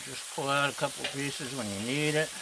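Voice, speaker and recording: Chatty home cook, playful, mid-pitched voice, outdoors at the griddle, loud sizzling behind. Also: fairly quick, gravelly, noisy background. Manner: playful, chatty, talks to the dogs. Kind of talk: casual cooking commentary.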